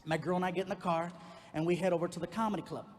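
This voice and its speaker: A man doing stand-up, telling a personal story and acting out the people in it with lively energy. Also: sits high, very fast, long reverb tail. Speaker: stand-up comedian. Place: comedy stage before a live audience.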